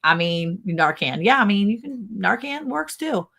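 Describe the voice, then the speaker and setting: A woman hosting a casual livestream chat, telling stories in a chatty, animated way and laughing often. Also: medium pitch, measured pace, gravelly. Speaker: livestream host.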